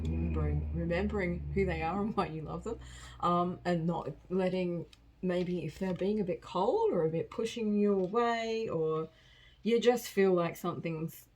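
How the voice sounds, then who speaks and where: A woman's voice: lowish voice, a little mellow, low-quality recording. A woman giving a casual collective tarot reading, chatty and rambling, often laughing at herself. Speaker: tarot card reader.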